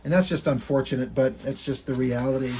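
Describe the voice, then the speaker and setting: A man's voice: medium pitch, steady tone, a little fast, heavy background noise. A man casually retelling comic strips in loose, rambling talk that slips into offhand swearing. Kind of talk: casual storytelling.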